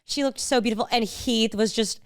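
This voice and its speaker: A woman co-hosting a podcast, telling a story in an animated, gushing way. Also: fairly high pitch, a little fast, no echo, clean studio sound. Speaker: podcast co-host. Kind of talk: casual chat.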